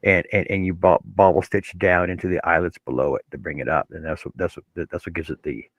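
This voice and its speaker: A man co-hosting a casual chat, explaining haltingly and repeating words. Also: deep voice, steady tone, no echo. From Canada. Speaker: livestream co-host.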